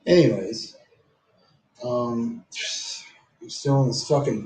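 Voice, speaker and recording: A man with a rather high voice rants casually to camera, swearing constantly and rambling from one point to the next. His voice bounces around an echoey room. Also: expressive, normal speed, a little mellow. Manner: profane, rambling rant with frequent "dude".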